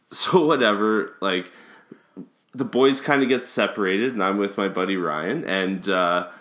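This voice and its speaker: A man's voice: lowish voice, measured pace, fairly bright tone. A man in his thirties, hosting a podcast, who tells a rowdy, profane story and laughs often. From Canada. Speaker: podcast host. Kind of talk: casual storytelling.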